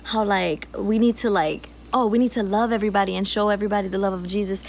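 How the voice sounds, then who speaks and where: A woman's voice: mid-range voice, fairly even intonation, fast, slight background noise. A woman co-hosting a casual chat, telling stories with lots of laughs and fillers. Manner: chatty storyteller, laughs often. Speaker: co-host. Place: outdoors.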